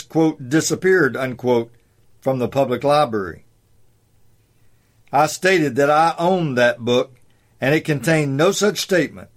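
A man reading his own essay commentary aloud in a measured, deliberate way, slowing down to stress his points. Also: mid-range voice.

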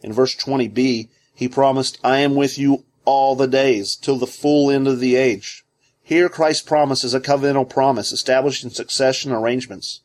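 Man reading theology with measured delivery. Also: mid-range voice, darkish tone. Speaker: reader of a theology book. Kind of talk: scripted narration.

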